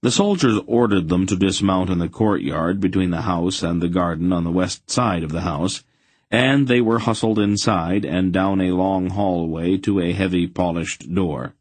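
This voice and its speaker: A man narrates a fantasy audiobook in a steady, even read. His voice is very low and slightly husky. The recording is dry and close, with no room sound. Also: normal speed, dry recording. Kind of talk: scripted narration.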